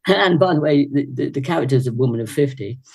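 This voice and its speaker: A woman's voice: a bass voice, expressive, fast talker, a little mellow, slightly rough. An older woman from Leicester, England, an actress and singer, chatting animatedly with little laughs as a guest on a video call. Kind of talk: reminiscing in a casual interview. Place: indoors at home.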